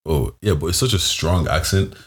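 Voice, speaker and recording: A man's voice: sits low, lively intonation, normal speed. A man co-hosting a podcast in casual chat, rambling with lots of fillers and restarts. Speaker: podcast co-host.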